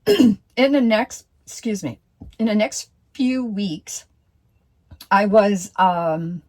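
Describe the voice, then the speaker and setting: Slow, hesitant woman telling a story. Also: medium pitch. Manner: hesitant, with many fillers and restarts; slow, deliberate delivery. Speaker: vlogger telling a personal story. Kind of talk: casual storytelling.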